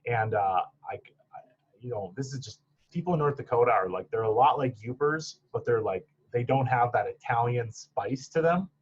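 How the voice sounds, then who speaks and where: A man's voice: mid-range voice, lively intonation, moderate pace, highs cut off, slight background noise. A man from Michigan's Upper Peninsula, a podcast guest talking casually about his clinical training, rambling with many restarts and laughs. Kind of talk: casual interview chat.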